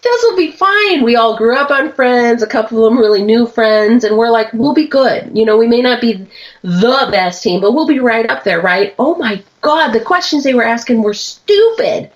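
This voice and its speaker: A woman co-hosting a chat show, hoarse from a sinus cold, her voice low and husky, chatty and quick to laugh. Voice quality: lowered, husky sick voice. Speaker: podcast co-host. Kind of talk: casual chat. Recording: dull lo-fi stream audio.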